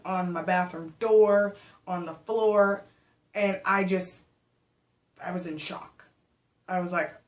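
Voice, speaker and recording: A young adult woman vlogging casually, telling a story to the camera in a chatty, animated way with lots of fillers. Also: mid-range voice. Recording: echoey room.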